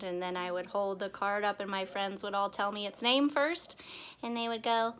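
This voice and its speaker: A young woman teaching young children in a gentle, playful way, sometimes singing and acting out her class. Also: medium pitch, steady tone, clear, resonant tone. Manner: slow, gentle and playful, sings and acts out the class. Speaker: pre-K teacher. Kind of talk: children's lesson video.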